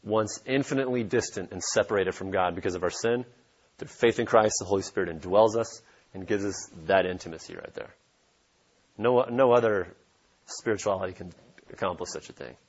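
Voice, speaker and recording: A man's voice: on the low side, a little fast, slightly rough, highs cut off. A man preaching a sermon as pastor, emphatic and repeating his key points for stress.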